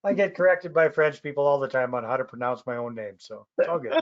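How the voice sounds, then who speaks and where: A man from Canada hosting a live webinar Q&A over a video call, relaxed and friendly, a little halting. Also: mid-range voice. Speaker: webinar host. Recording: muffled lo-fi call audio.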